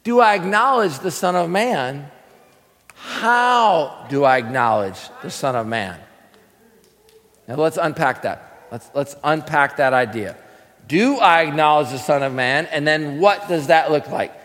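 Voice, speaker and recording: His voice sits a little high, with lively intonation, a measured pace and a fairly bright tone that rings in a big room. The man is a preacher teaching scripture to a class in sermon fashion, asking questions and then responding to them himself.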